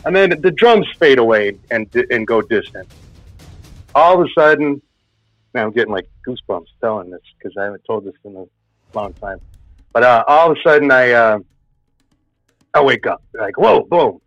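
A man's voice: medium pitch, animated, moderate pace, long pauses, fairly bright tone, no echo. Rambling man telling a spooky story. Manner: rambling, lots of "like" fillers. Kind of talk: casual storytelling. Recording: dull lo-fi sound with faint music.

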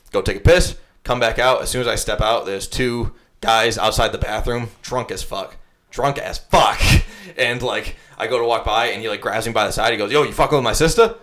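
A man's voice: fairly low pitch, fairly bright tone. A young man hosting a podcast, telling a rambling, profane anecdote full of "like" in casual chat. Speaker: podcast host.

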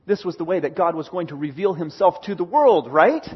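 Male preacher, higher pitch, husky, sermon delivery swinging from booming to hushed, dull lo-fi sound. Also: fairly even intonation, fast talker. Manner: reads scripture aloud with dramatic swings from booming to hushed.

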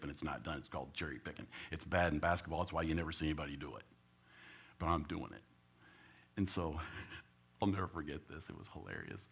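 Deep-voiced, bright man telling a story. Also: slightly rough. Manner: animated storyteller, acts out his own shouted lines. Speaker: church elder. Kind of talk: storytelling sermon.

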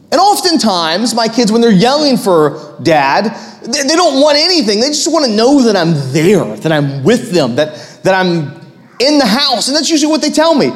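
A man in his thirties preaching a sermon as pastor, animated and rising to loud, emphatic peaks. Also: very high voice, moderate pace, in a large hall.

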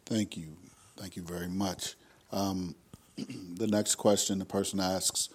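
A man co-hosting a faith talk show, reading a listener question haltingly with many ums. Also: low voice, level tone, breathy edge.

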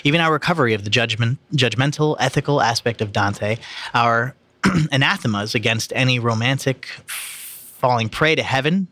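A man with a bright, forceful voice reads a scholarly introduction aloud on a casual podcast. He trips over long words and restarts them, then breaks into swearing and laughter. The sound is dry and close. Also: mid-range voice, normal speed, no echo. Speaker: podcast host reading aloud.

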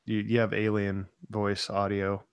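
Rambling low-voiced male host. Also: monotone, unhurried, clean tone, no echo. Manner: rambling, full of "like". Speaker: show host. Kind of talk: casual live-stream chat.

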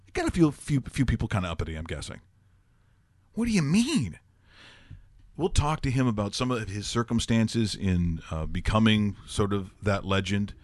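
A man's voice: on the low side, a little fast, few pauses, no echo. A man hosting a sports talk show, telling rambling jokey stories in casual banter. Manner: rambling, joking, animated storytelling.

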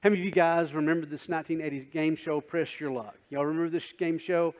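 Conversational preacher in a reverberant sanctuary. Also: male voice, a little high, steady tone, quick pace, darkish tone. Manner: conversational, asks the congregation questions, acts out scenes. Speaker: pastor. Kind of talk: sermon. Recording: dull sound with long hall reverb.

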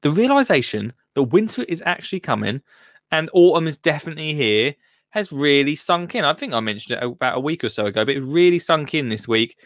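A man's voice: a little high, big pitch swings, brisk, fairly bright tone, no echo. A British man chats through a live gardening stream from a home studio, his voice rising and falling a lot as he jokes at his own expense. The sound is close and dry, with no room around it. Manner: chatty, self-mocking, restarts a lot. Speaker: gardening show host. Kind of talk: casual live-stream chat.

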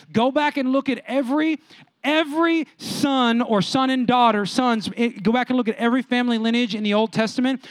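A male pastor with a high-pitched voice delivering an emphatic sermon. He repeats his points and calls out to the congregation. The sound is dry and close. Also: no echo.

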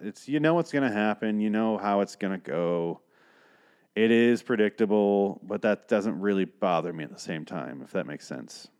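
A man's voice: lowish voice, darkish tone. A young man hosting a podcast, casually recapping a TV episode with rambling, profane, sarcastic asides. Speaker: podcast host.

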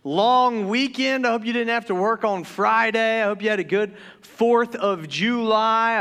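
Young male pastor from the Deep South, high voice, smooth and clear tone, joking sermon, excitable, stumbles over words.

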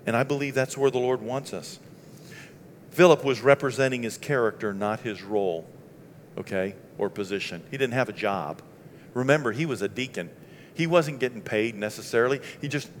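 Animated middle-aged preacher in a reverberant hall. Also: male voice, medium pitch, normal speed, slight background noise. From Maine. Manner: conversational and animated, acts out dialogue. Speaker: pastor. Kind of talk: storytelling sermon.

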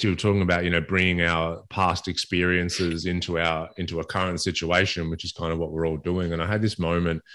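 A man co-hosting a podcast, telling a story casually with a relaxed, rambling manner. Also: deep voice. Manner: relaxed, rambling anecdotes with fillers. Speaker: podcast co-host.

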